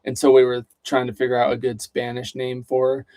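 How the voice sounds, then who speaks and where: A man's voice: medium pitch, monotone, fairly quick, a little mellow, no echo. A man co-hosting a casual livestream chat, reading out viewer questions in an easygoing way. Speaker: co-host.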